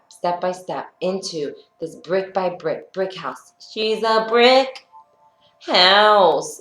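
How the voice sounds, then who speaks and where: A cheerful woman coaching a workout in a fairly low voice, encouraging and chatty with easy fillers. Her voice bounces around an echoey studio room, with faint music playing behind her. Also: a little mellow. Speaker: fitness instructor. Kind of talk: guided workout instruction and chatty storytelling.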